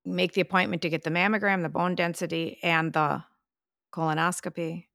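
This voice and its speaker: Older woman, gravelly and bright-edged, chatty storyteller, casual podcast chat, close dry mic. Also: on the low side, little pitch movement, a little fast, dry recording. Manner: chatty storyteller, exclaims, laughs. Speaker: podcast co-host, mother.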